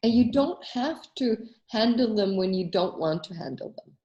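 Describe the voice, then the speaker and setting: A woman hosting a coaching workshop, telling anecdotes in a casual, animated way and acting out the voices she quotes. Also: mid-range voice, normal speed, echoey room, dull audio.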